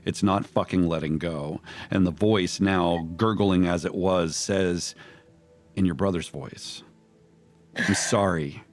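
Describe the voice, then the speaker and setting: Game master, male, low-pitched, deliberate and graphic horror narration. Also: fairly even intonation, soft background music. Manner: graphic, measured scene-setting with restarts.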